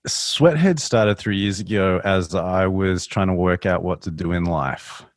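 A man with an Australian accent, a podcast guest telling stories in a mumbly, monotone way. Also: low voice, unhurried, no echo, clean studio sound. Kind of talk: casual podcast conversation.

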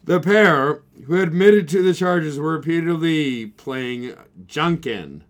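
A man's voice: fairly high pitch, slow pace. Man reading news with laughs. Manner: joking, laughs often, many restarts. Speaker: podcast co-host. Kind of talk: casual podcast chat, reading news aloud.

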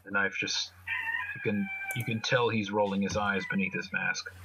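A man's voice: fairly low pitch, fairly even intonation, normal speed, background noise. A man casually describing his characters' actions in a tabletop role-playing game, rambling and swearing a little. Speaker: player. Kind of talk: tabletop role-play narration.

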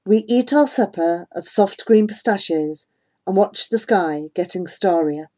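A woman giving gentle, measured first-person narration of a storybook. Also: medium pitch, lively intonation. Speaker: audiobook narrator.

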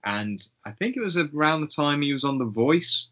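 A man's voice: fairly high pitch, lively intonation, normal speed, pushed and bright. A man co-hosting a casual podcast chat, rambling with lots of ums and small laughs. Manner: rambling, hesitant with many ums, chuckling. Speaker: podcast co-host. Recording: dull lo-fi recording.

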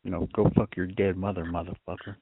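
Man, very deep, gravelly, hostile, cursing, tinny phone line. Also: level tone, brisk. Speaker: chat line caller. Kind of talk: phone chat line argument.

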